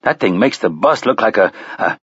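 A man's voice: fairly low pitch, animated, moderate pace, a bit bright, husky, no echo, muffled recording, exaggerated voice. A man voicing a nauseated young man in an audiobook, in a choked, sick voice. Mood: queasy.

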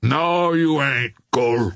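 A man voicing a desperate mutinous sailor who growls in rough slang. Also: medium pitch, slow pace, fairly bright tone, dry recording, clean studio sound. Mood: growling defiant.

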